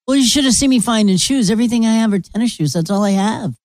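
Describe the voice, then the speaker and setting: A woman's voice: fairly high pitch, fast, darkish tone, dry recording. A middle-aged woman hosting her own podcast, telling rambling, blunt and sometimes profane stories in a casual monologue. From Florida resident. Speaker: podcast host.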